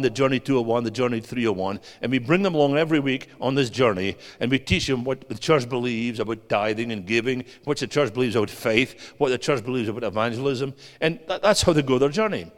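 A man preaching a sermon as a guest preacher, animated, swinging between loud and hushed and putting questions to the audience. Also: medium pitch, fast, hardly any pauses. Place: church hall. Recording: long hall reverb.

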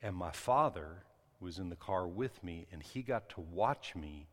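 A man's voice: sits low, expressive, a little slow, in a large hall. A man preaching a sermon, telling a personal story in a loose, conversational way with frequent restarts and asides. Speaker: pastor.

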